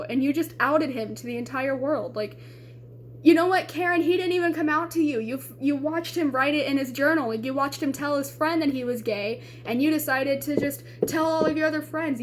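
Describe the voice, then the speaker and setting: Young woman, high pitched, blunt and emotional, swearing, faint background hum. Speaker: vlogger. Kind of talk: impassioned rant to camera.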